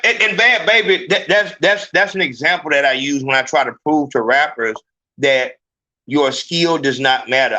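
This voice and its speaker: Forceful, heated male podcast host. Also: fairly high pitch. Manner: profane, emphatic, animated. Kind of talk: heated live podcast rant.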